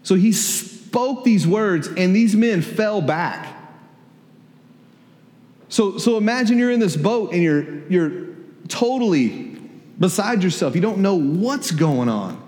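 A man's voice: high-pitched, lively intonation, slow pace, a little mellow. A man preaching a sermon in a church, conversational, repeating words and asking the congregation questions. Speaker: pastor. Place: church hall. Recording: echoey hall.

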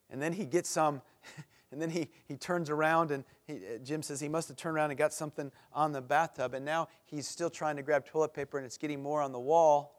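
A man preaching to a men's group, telling a story with lively voices and closing in a soft, earnest prayer. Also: a little high.

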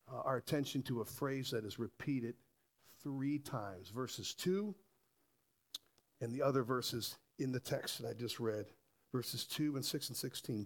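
A man preaching a sermon to a congregation, animated and asking rhetorical questions. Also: medium pitch. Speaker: pastor.

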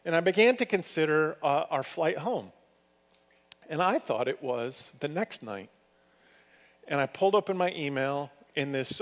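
Storytelling male pastor in a reverberant hall. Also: unhurried. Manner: storytelling, conversational with lively swings in pitch and loudness. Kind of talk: sermon.

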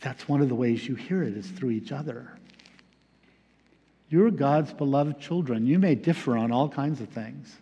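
Male pastor, reflective sermon, halting with fillers, mid-pitched voice, long hall reverb. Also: dark tone, breathy edge, lo-fi sound. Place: church sanctuary.

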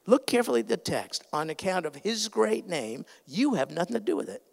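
Male pastor, high raspy-edged voice, fervent preaching, long reverb of a sanctuary. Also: expressive, brisk. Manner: earnest, emphatic preaching with sudden loud swells. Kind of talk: sermon. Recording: reverberant hall sound.

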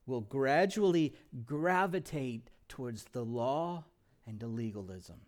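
A pastor preaching a sermon, asking rhetorical questions and swinging between emphatic and hushed delivery. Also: male voice, medium pitch, expressive, slow.

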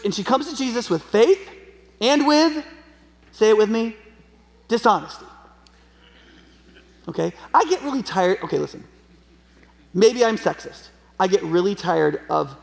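A man's voice: high-pitched, creaky. A man preaching a sermon in a conversational way, often checking in with the audience. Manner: conversational, frequent tag questions. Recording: long hall reverb.

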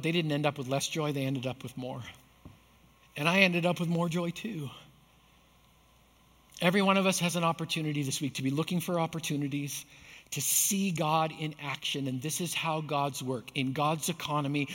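A man's voice: a little high, in a large hall. A male pastor preaching a sermon, telling stories and building to emphatic repeated points. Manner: storytelling with rising emphatic peaks.

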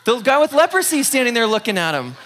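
A pastor preaching a sermon in a conversational, animated way, acting out scenes and checking in with the listeners. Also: medium pitch, fast. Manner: animated storyteller, acts out scenes; conversational, frequent "okay?" asides.

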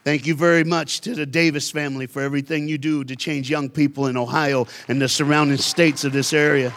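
A man giving a storytelling sermon as a guest youth speaker in a church, animated and conversational, with sudden emphatic bursts. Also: on the high side, brisk, slight background noise.

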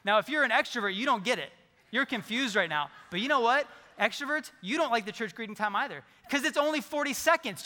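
A pastor preaches in a lively, conversational way, joking with his congregation. His voice is high and bright. The sound carries the long reverb of a large sanctuary. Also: quick pace, slight background noise. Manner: animated, conversational preaching with humor. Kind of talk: sermon.

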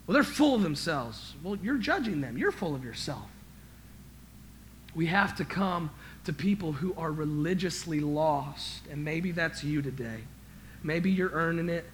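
A man preaching a sermon as pastor, emphatic, swinging from quiet to loud, stammering and repeating words when he gets worked up. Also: fairly high pitch, lively intonation, measured pace, a little hiss or hum.

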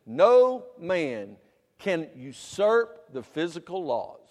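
Pastor in his fifties, high voice, punchy sermon delivery, reverberant hall. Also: very animated, takes it slowly. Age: 50s. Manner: preaching with sudden loud emphatic bursts and dropped asides.

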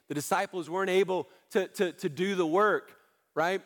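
A male pastor delivers a sermon with an earnest, pleading urgency. His voice sits high for a man, and he circles back to the same phrases again and again to press his point. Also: moderate pace, fairly bright tone. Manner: earnest, pleading, repeats key phrases for emphasis.

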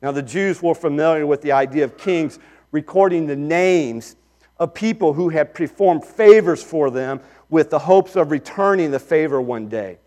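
A middle-aged pastor preaching a sermon, swinging between loud emphatic lines and quiet asides. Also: male voice, a little high, moderate pace.

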